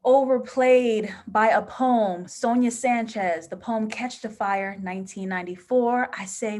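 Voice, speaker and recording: A woman's voice: on the high side, unhurried, hardly any pauses, a little mellow. A woman hosting a live TV episode review and reading viewer comments, talking passionately and emotionally. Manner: passionate and emotional, given to sudden laughing outbursts. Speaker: host of a live TV review show.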